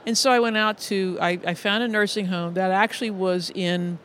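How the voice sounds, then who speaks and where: A middle-aged man with a notably high-pitched speaking voice, talking as a music educator in an interview. He tells stories earnestly, often restarting and repeating words. Faint noise hums behind him. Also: fairly even intonation, normal speed, fairly bright tone. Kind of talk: conversational interview storytelling.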